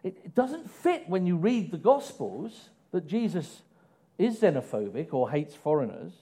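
A male preacher delivers an animated sermon and keeps putting rhetorical questions to his listeners. His voice sits high, moves over a wide range, and has a mellow tone. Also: a little slow, slightly rough. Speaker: pastor.

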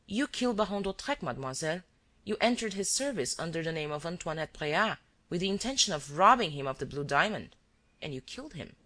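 A reader voicing a male detective who is cool and relentless, laying out accusations calmly and evenly. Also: mid-range voice. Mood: grave. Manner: calm, measured accusations.

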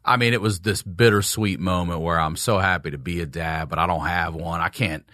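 A man in his forties from Baltimore hosts a casual podcast chat. His voice is low and forceful, his talk blunt and full of swearing. The sound is dry and close. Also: steady tone, fairly quick, no echo. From Baltimore, USA. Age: 40s. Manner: blunt, profane, emphatic. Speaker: podcast host.

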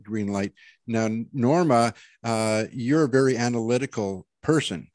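A man's voice: mid-range voice, a little mellow, no room sound. A man in casual conversation, earnest and meandering, restarting his thoughts often as he explains how he reads people. His voice sits in the middle of the male range and is recorded dry and close. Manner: rambling, many restarts, earnest. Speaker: intuitive reader. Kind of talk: casual panel chat, giving a reading.

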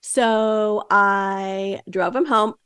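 A woman's voice: mid-range voice, steady tone, very slow, a bit bright, clean tone, dry recording, studio quality. A woman hosting a podcast, telling a story in a chatty, casual way with lots of fillers and asides. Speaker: podcast host.

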